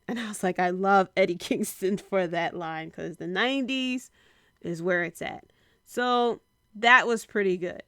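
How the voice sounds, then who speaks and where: A young woman hosting a podcast, giving a casual solo review in a chatty way with many fillers and animated quotes. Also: mid-range voice, unhurried, no echo, clean studio sound. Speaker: podcast host reviewing wrestling.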